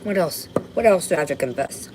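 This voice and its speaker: A woman's voice: low-pitched, expressive, fast talker, noisy background. A woman on a rambling livestream from her home, ranting and swearing in an agitated way. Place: home, indoors.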